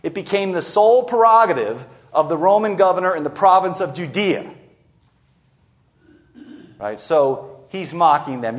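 A man with a high-pitched voice delivers an expository sermon. He acts out quoted lines and drops his pace sharply to land key phrases. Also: lively intonation, moderate pace, pauses often. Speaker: preacher.

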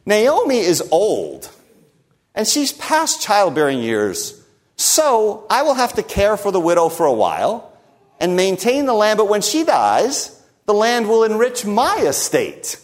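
A preacher putting on a shrewd middle-aged kinsman, a man who weighs every cost in a matter-of-fact, slightly high voice. He reasons aloud, plain and practical, the way a storyteller's character thinks through a bargain. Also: huge pitch swings, a little slow, full character voice. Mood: calculating.

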